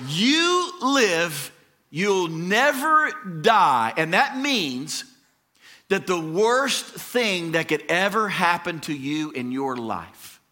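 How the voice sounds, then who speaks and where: A male pastor preaching a sermon, reading scripture and swinging between hushed, measured lines and loud, emphatic declarations. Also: high-pitched.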